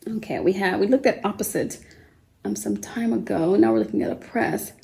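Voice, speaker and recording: A woman teaching a kindergarten vocabulary lesson at home, speaking slowly and patiently, spelling words out letter by letter and asking the children gentle questions. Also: medium pitch, animated, vocal fry, poor audio. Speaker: homeschool teacher.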